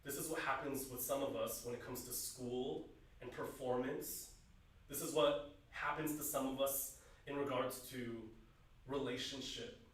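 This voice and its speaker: A man preaching a youth sermon in earnest, asking his listeners questions and swinging between loud emphasis and quiet, hushed lines. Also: mid-range voice, fairly even intonation, a little slow. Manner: asks the listeners repeated questions. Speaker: youth pastor. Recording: very echoey room, voice from some distance.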